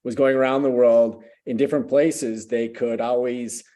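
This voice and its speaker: Polite, hesitant man with a mellow voice. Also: medium pitch, steady tone, normal speed. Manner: polite, hesitant, many fillers. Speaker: tasting club member asking a question. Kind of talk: audience question at a tasting.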